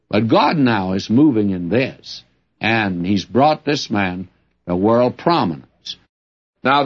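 Husky-voiced man teaching the Bible. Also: mid-range voice, lo-fi sound. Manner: folksy, conversational teaching with asides. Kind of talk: radio Bible-teaching sermon.

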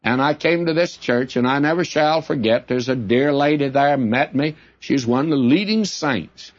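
A man's voice: medium pitch, normal speed, hardly any pauses. A man preaching a sermon in a folksy, emphatic and conversational way, on a dull lo-fi recording. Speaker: preacher and Bible teacher.

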